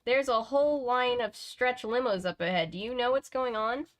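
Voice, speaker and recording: A woman's voice: a little high, normal speed, pitched above the performer's own voice, lightly acted. A woman reading as a curious young detective. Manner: polite, inquisitive.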